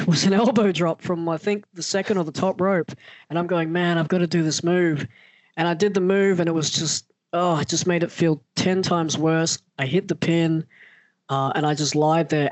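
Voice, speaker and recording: A wrestler tells a story in casual talk, animated and acting out the voices of the people he quotes. His voice is high-pitched, with no room sound.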